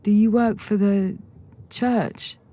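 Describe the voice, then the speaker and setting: A woman's voice: mid-range voice, fairly even intonation, slow, dark tone, pitched above the performer's own voice, close to an everyday voice. A woman reading the part of a nervous, eager young man who stumbles over his words. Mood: flustered.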